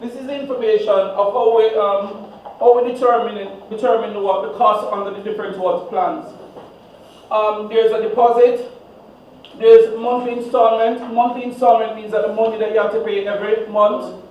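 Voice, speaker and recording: A man's voice: high voice, little pitch movement, moderate pace, slight background noise. A man teaching a math class, drilling students with constant "what?" prompts to fill in the answers. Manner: call-and-response questioning, fill-in-the-blank "what?" prompts. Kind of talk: classroom exam walkthrough. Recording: echoey room, distant, dull.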